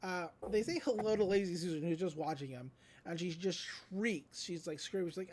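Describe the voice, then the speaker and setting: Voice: mid-range voice, moderate pace, a little mellow. A podcast host giving a casual, rambling recap of a cartoon episode, with lots of likes and ums.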